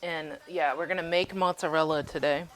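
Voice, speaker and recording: A woman's voice: low voice, fairly even intonation, normal speed, a bit bright. A woman streaming from her home kitchen, chatting casually as she cooks, swearing freely and laughing often. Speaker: cooking streamer. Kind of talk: casual live-stream chat while cooking.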